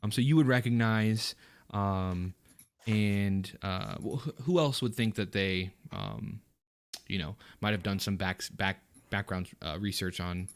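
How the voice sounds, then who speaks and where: A man narrating as dungeon master, halting and full of fillers and restarts. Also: fairly low pitch. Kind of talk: narrating a tabletop game.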